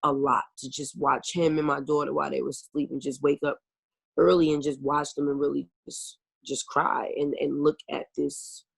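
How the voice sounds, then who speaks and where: A woman's voice: low voice, vocal fry, slightly rough. A woman singer, a guest on a talk show, speaking earnestly and emotionally over a video call and leaning often on "you know". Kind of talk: casual interview.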